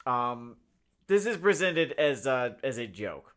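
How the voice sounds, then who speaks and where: A tipsy man co-hosting a casual review chat, talking in a halting, hesitant way. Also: medium pitch, sing-song, a bit bright. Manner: halting, hesitant, full of ums. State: tipsy from drinking. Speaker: podcast co-host.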